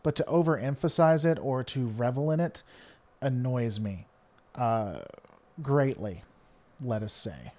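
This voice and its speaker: With a mid-range, darkish voice that's animated yet a little slow, a Tennessee streamer responds to viewer comments in loose live chat. A mild Southern American twang slips in at times, and his talk rambles with frequent fillers and restarts.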